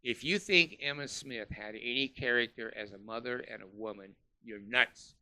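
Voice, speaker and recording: A man's voice: mid-range voice, normal speed, sharp tone. A man delivering a scornful, profane ranting monologue, full of uh fillers. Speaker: commentator.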